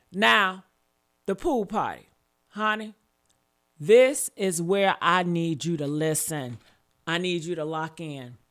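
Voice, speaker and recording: Woman host, sassy and emphatic, bright voice, swooping delivery, unhurried. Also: medium pitch. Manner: sassy, emphatic, calls listeners honey and baby. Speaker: commentary channel host. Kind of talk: casual storytelling commentary.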